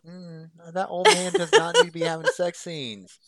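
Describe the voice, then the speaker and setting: A woman co-hosting a podcast, chatting casually with blunt, grossed-out quips and quick, dry humor. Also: on the low side, huge pitch swings, no echo. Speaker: podcast co-host. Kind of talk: casual chat.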